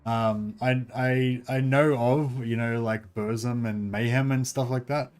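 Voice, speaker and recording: A man with an Australian accent chatting casually while streaming a game, speaking quietly and mumbling, tired and sore, into a desk microphone set behind his keyboard. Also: medium pitch, fairly even intonation, unhurried. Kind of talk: casual livestream chat. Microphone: desk-stand microphone behind keyboard.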